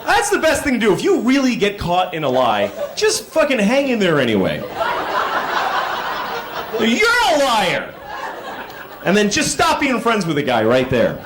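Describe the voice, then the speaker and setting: A man doing a stand-up comedy set, telling stories and acting out people in sudden high yelps. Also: wildly swooping pitch, a little slow, pauses often, a bit bright, a little hiss or hum. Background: audience laughter.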